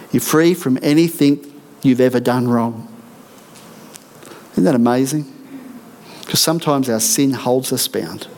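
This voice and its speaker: A man's voice: medium pitch, darkish tone, slight background noise. A middle-aged man, a senior pastor, preaching a sermon in an earnest, emphatic way with repeated declarations in a church. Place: church auditorium.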